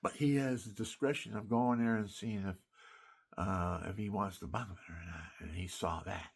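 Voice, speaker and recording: A man's voice: sits low, normal speed, vocal fry, husky. An older man, a military veteran, telling war stories in a rambling, emphatic spoken monologue that wanders and restarts.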